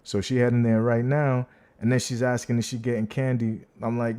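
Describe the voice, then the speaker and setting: A man in a casual livestream, taunting and teasing his viewers. His delivery is brash and full of slang, and he keeps calling people out directly. His voice sits at a middling pitch for a man. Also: little pitch movement, brisk, dark tone, clear, resonant tone. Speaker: livestream host.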